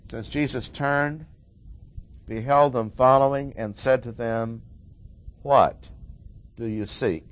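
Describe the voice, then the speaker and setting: A man's voice: medium pitch, takes it slowly, pauses often. A man preaching a sermon, explaining a Bible passage with emphatic repetition of key words.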